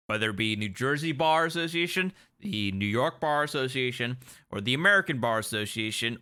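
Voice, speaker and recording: A man with a strikingly bright, ringing voice and a smooth, clear tone. He comments on clips over a livestream as an attorney, sardonic and incredulous, cutting in with dry asides. His delivery stays even and mid-pitched.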